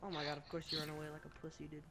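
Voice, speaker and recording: A man's voice: a little high, monotone, racing, gravelly, very noisy. A young man on gaming voice chat, angrily complaining at and scolding his teammates. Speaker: gamer on voice chat. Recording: loud game sounds behind. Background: loud game audio.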